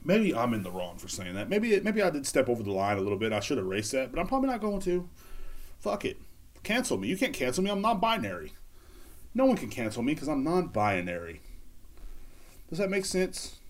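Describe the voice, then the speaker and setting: A man with a drawl rambles through a casual solo podcast, joking crudely as he talks. His voice swings up and down in lively, animated pitch. He speaks into a handheld recorder. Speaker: podcast host.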